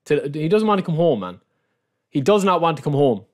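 Excitable Irish gamer, high and lively. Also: male voice, fairly quick. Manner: excitable, repeats phrases, keeps addressing the viewers as lads. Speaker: gaming YouTuber opening card packs. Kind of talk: live-streamed gaming commentary.

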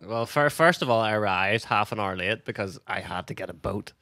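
A man with a Northern Irish accent co-hosting a podcast, telling lively stories in casual chat. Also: on the low side, brisk, no room sound. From Northern Ireland. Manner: lively anecdotes with quoted voices, laughing. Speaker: podcast co-host.

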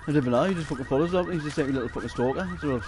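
A man's voice: a little high, quick pace, a little mellow, a little hiss or hum. Swearing Geordie man streaming a shooter. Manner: rambling, swears constantly, laughs often. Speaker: gaming streamer. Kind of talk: casual chat while streaming a shooter game.

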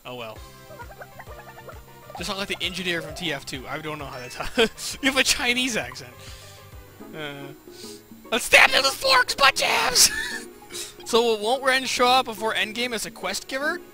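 A man's voice: high voice, sing-song, normal speed, pauses often, over music. A man streaming a video game with a cold, giggly and playful as he chats with his viewers. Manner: giggly, playful, chatting with chat. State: has a cold. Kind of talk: casual game commentary.

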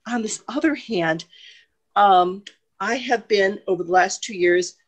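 A woman's voice: medium pitch, a little slow. A woman party member asking a question on a video call, emotional and hesitant, rambling with many ums and restarts. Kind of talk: question in an online meeting.

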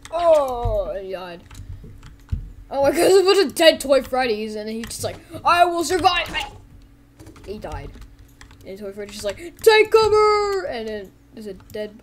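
A woman giving excited, giggly commentary on gameplay as host of her own video, breaking into silly character voices. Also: mid-range voice, slight background noise.

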